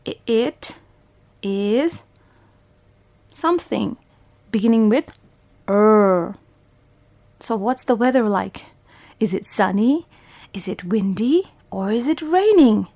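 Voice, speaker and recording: A woman's voice: fairly high pitch, animated, slow, pauses often, dark tone, dry recording. A woman from Bhutan teaching a phonics lesson to young children, patiently sounding out letters and repeating words. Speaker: primary school English teacher.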